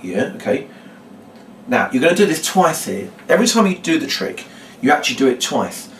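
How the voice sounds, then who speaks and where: A man, a children's magician, demonstrating a trick step by step and acting out his patter with a brighter voice. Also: big pitch swings, fairly quick, a little hiss or hum. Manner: explains step by step, then acts out his patter in a bright, higher voice. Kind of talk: demonstration lesson. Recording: echoey room, mic at a distance.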